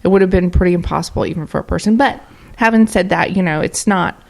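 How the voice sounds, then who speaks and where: A woman with a slightly low voice chats about her day as co-host. She rambles and fills her talk with little fillers. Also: fast, gravelly. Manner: chatty, rambling, with many fillers. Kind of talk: casual podcast chat.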